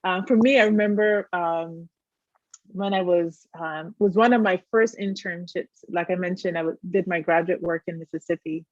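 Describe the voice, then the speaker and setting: A woman hosting an interview, talking in a lively, chatty way with many fillers and quick laughs. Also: lowish voice, no echo. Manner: animated, laughs often, lots of fillers. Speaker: host. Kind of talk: casual interview chat. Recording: muffled dry video-call audio.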